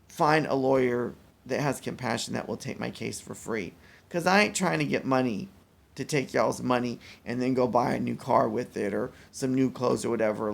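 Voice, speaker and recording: Weary man with a very gravelly voice. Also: medium pitch. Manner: weary, rambling, halting restarts. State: mentally exhausted. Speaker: vlogger. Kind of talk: casual personal vlog.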